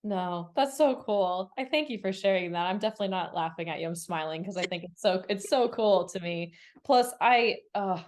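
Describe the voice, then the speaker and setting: A woman's voice: mid-range voice, normal speed. A woman hosting a podcast interview who responds in an enthusiastic, chatty way, often using fillers like "um" and "like.". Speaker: podcast host. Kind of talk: casual interview chat.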